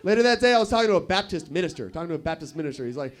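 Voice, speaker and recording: A man's voice: on the high side, lively intonation, very fast, few pauses. A young man from Nevada performing a stand-up set at a comedy club, rambling and offhand, with asides to the crowd. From Nevada, USA. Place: comedy club stage with live audience.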